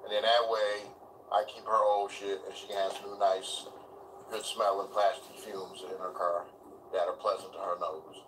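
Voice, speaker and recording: A man ranting loudly and profanely on a live stream while driving, with sudden yelling bursts. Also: low-pitched, level tone, normal speed, distant mic, noisy background. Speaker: commentary streamer. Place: driving in a vehicle. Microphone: phone in hand.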